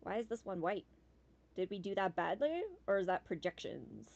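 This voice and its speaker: Lively, chatty woman streamer. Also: on the low side, normal speed, gravelly. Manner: chatty and animated, swearing, making playful noises. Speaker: streamer playing a game demo. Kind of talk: casual gameplay commentary. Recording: slightly dull lo-fi sound.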